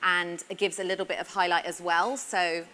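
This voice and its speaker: A woman speaking as a panelist at a live beauty event, telling animated stories with a playful, self-mocking humor. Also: fairly low pitch, normal speed, slight background noise. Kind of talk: casual panel talk.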